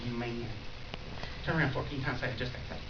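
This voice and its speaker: A man preaches to a youth group with animated energy, acting out excited voices and often breaking into shouts. He is picked up from a distance in a roomy, echoing space. The recording is dull and carries steady noise. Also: mid-range voice, fast talker. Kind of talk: sermon. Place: church youth room. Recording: dull echoey room recording from a distance, noisy.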